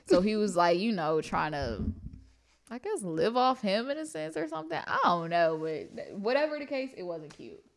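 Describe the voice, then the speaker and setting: A woman who is a podcast guest, talking in casual chat in halting sentences full of "like". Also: mid-range voice, big pitch swings, vocal fry.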